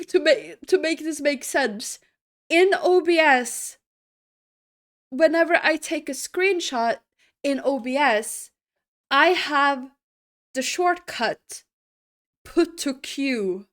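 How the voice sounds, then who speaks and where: A woman's voice: high voice, slow, pauses often, fairly bright tone. A woman streamer chatting casually with her viewers while playing a game, rambling and giggling through asides. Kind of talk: casual live-stream gameplay chat.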